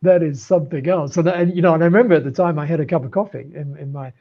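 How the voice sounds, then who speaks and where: An older man from Australia, a podcast guest telling his story in an animated way, often repeating words as he builds up to a point. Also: a little high, rapid-fire, highs cut off. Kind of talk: storytelling in an interview. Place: room lined with books.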